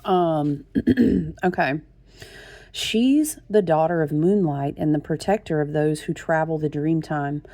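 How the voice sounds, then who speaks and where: A woman's voice: sits low, slow, warm tone, no echo. A woman tarot reader in a gushing, chatty talk to her viewers, often calling them y'all. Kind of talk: casual chat.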